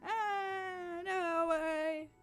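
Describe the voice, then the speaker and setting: A woman voicing a sweet, devoted young girl in a game, with a high childlike voice and an eager, earnest manner. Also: steady tone, very slow, fairly bright tone, soft background music, exaggerated voice.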